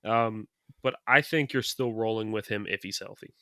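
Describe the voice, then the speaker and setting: A man's voice: on the low side, moderate pace, bright, forceful tone, smooth, dry recording, studio quality. A man co-hosting a podcast, playful and confident as he trades fantasy football hot takes. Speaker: podcast co-host. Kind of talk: casual fantasy football chat.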